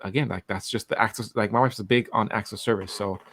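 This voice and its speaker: A man's voice: lowish voice, steady tone, a little fast, fairly bright tone, no room sound. A man in his forties, co-hosting a podcast, telling a long family story in a rambling way with lots of restarts and fillers. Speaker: podcast co-host. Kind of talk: casual chat.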